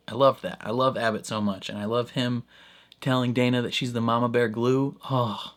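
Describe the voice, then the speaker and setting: A man's voice: medium pitch, steady tone, normal speed. A man giving casual reaction commentary on a show, rambling and full of fillers, often laughing. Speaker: reaction video host.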